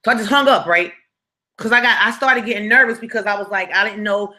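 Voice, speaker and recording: Animated, blunt woman telling a live story. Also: medium pitch, fast talker. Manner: animated, blunt, profane, keeps asking "right?". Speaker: storyteller, channel host.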